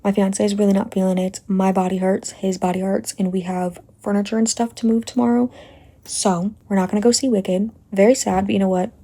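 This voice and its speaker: A young woman vlogging casually at home into her phone, chatty and excitable as she talks to her viewers. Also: mid-range voice, fairly quick. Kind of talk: casual vlog chat.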